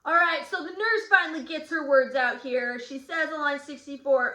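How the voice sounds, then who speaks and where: High, bright-voiced woman teaching a lesson. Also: moderate pace, hardly any pauses. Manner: explains, then acts out quoted lines. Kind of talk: recorded literature lesson. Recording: echoey room.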